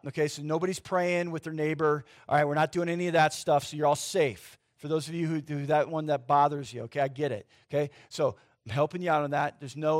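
A middle-aged male pastor preaching a conversational sermon, checking in with "right?" and "okay?", moving between loud passages and hushed ones. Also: on the high side.

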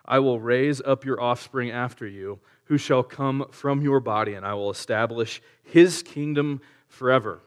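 A male pastor preaching in a relaxed, conversational way, using slang and asking the audience rhetorical questions. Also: medium pitch, normal speed, few pauses, smooth. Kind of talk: conversational sermon.

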